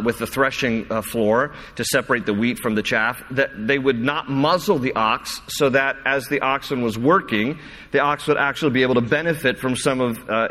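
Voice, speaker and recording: Sex: man. Role: pastor. Style: sermon, emphatic scripture reading with casual asides. Pitch: medium. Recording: echoey hall with long reverb. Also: bright, forceful tone. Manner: reads scripture with rising, emphatic delivery and slows on key words; breaks into casual asides with fillers and restarts.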